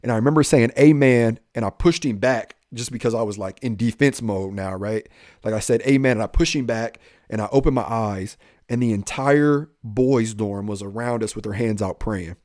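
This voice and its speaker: A young man, a police officer, telling his life story in a casual podcast chat, goofy and animated, acting out the lines he quotes. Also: lowish voice, moderate pace, dry recording, clean studio sound.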